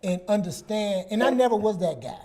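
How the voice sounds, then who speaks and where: A man in his sixties telling personal stories on a talk show, animated and casual, acting out quoted dialogue. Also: high-pitched, fairly quick. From Southern US. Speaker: guest psychologist.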